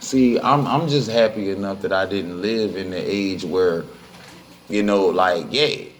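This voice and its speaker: Heated, profane man with a low voice. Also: a little slow, a little hiss or hum. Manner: heated, profane, repeats himself, voice jumps high when angry. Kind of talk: impassioned unscripted speech.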